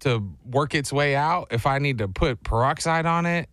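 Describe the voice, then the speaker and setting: A man's voice: a little high, moderate pace, no echo, studio quality. A man in his thirties telling a story in casual chat as a show co-host, acting out the voices. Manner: animated, acts out voices in his stories.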